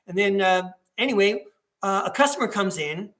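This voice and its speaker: High, bright-voiced man rambling casually. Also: animated, normal speed. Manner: rambling, many fillers and restarts. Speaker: podcast host, former teacher. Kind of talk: casual monologue.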